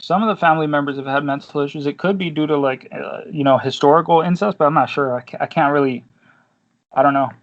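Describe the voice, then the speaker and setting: A man's voice: fairly high pitch, quick pace, muffled recording. A man hosting a casual podcast chat, telling rambling stories full of slang and swearing. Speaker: podcast host.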